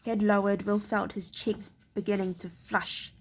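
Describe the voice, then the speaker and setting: A woman reading a novel aloud, halting and often stumbling and restarting words. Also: mid-range voice, flat delivery. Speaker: reader.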